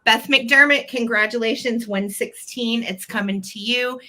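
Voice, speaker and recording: Bright, gushing American woman seller. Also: on the high side, measured pace. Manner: bubbly, gushing, counts down bids. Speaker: live-sale host. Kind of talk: live online auction selling.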